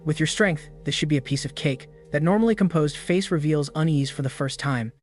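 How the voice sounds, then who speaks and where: A man's voice: fairly high pitch, brisk. Man narrating a story in a raised voice. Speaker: recap narrator. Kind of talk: scripted first-person story narration. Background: background music.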